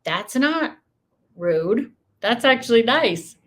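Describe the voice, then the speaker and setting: A woman's voice: fairly high pitch, very animated, slow, a bit bright. A woman reacting to news clips with sarcastic, increasingly heated commentary.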